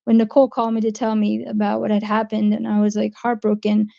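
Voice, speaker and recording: Chatty New Jersey woman, gravelly voice. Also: mid-range voice, completely flat delivery, quick pace, mellow, highs cut off. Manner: chatty, rambling, reads and answers viewer comments. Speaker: livestream host. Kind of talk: casual livestream chat.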